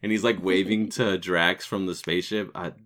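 A man's voice: low-pitched, fairly even intonation, normal speed, fairly bright tone. A man hosting a casual movie podcast, laughing often and acting out quoted lines. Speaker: podcast host.

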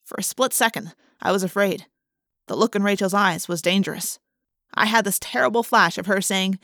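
A woman reading a first-person novel aloud in an expressive, wry, conversational way. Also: mid-range voice, a little fast, no echo, clean studio sound. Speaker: audiobook reader.

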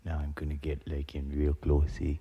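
An actor playing a goofy, teasing Canadian hoser brother on a comedy album, joking in a Canadian accent. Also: male voice, a bass voice, completely flat delivery, moderate pace, breathy edge, no room sound, lo-fi sound, full character voice. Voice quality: teasing, goofy, laughs at his own jokes. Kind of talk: improvised comedy album sketch.

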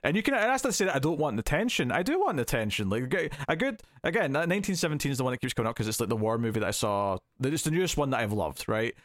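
A man's voice: medium pitch, very animated, racing, few pauses, no room sound, clean studio sound. A man co-hosting a podcast, chatting casually and hesitantly about a film he reviews. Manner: rambling, hesitant, restarts often. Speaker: podcast co-host.

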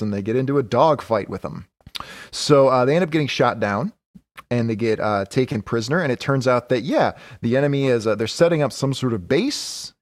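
A podcast co-host, a man, walks through an old comic's plot in loose, casual talk, swearing and laughing as he goes. His voice sits at an ordinary middle pitch. The recording is dry and close, with no room sound. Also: dry recording. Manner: retells comic plots with profanity and laughs. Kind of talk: casual chat.

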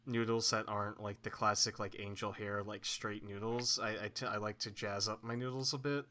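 Young guy goofing around on a podcast, bright voice, rambly, says like a lot. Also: on the low side, fairly even intonation, normal speed. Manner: goofy, rambling, lots of filler words. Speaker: podcast co-host. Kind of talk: casual comedic chat.

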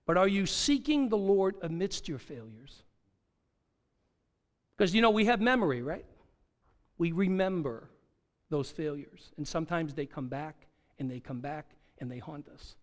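Man preaching with loud-soft swings. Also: on the high side, lively intonation. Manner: personal storytelling with swings from quiet to loud; repeats key phrases slowly for emphasis. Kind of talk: sermon.

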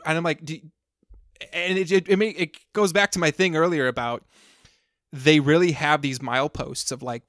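A man co-hosting a podcast, telling a story in a rambling, animated way with frequent restarts. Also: a little high, moderate pace, no room sound, studio quality. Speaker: podcast co-host. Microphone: close podcast mic, sometimes leaning away.

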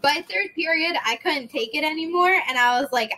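A young woman telling a story in casual chat, animated, swearing freely and acting out the people in it. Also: high voice, fairly quick, hardly any pauses, rough recording. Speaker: podcast host.

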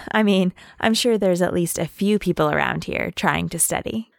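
A woman's voice: lowish voice, normal speed, gravelly, dry recording, clean studio sound. An actress playing a young woman neighbor who talks in an easygoing, friendly, casual way. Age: young adult. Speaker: dorm neighbor.

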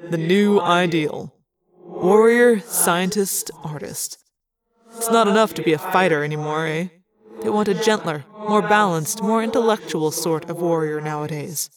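A reader voicing a bitter, sneering male alien war prince with a gruff, sardonic manner. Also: medium pitch, little pitch movement, a little slow, over music, natural voice.

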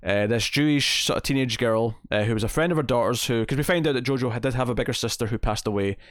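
A man's voice: medium pitch, fast talker, no echo, studio quality. A man hosting a podcast, talking through a film in casual chat with lots of restarts and fillers. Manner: rambling, many restarts and fillers. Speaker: podcast host. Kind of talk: casual movie review chat.

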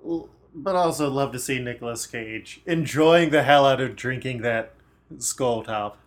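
A man's voice: mid-range voice, a little slow. A man co-hosting a casual movie podcast, sharing trivia and murmuring agreement. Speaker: podcast co-host. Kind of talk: casual movie-review chat.

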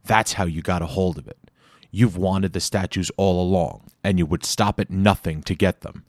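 A man's voice: sits low, fairly even intonation, normal speed, dry recording, clean studio sound. A man voicing a grim, vengeful young male hero who speaks in an icy, clipped, menacing way.

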